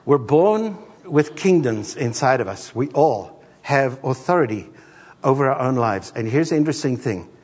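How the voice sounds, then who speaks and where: A middle-aged man preaching a sermon as a pastor, an animated storyteller who acts out the voices in his stories. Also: mid-range voice, moderate pace, husky, big-room sound.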